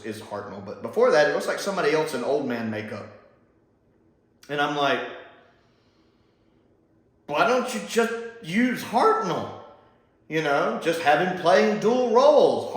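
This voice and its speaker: Male reviewer, casual and rambling, slightly high voice, exasperated asides, heavy room echo. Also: a bit bright. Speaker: TV show reviewer. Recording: very echoey room.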